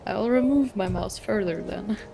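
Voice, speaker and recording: A hoarse young woman chatting excitedly and rambling as she plays a video game. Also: medium pitch, moderate pace. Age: young adult. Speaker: gaming channel host. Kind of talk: let's play commentary. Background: game music.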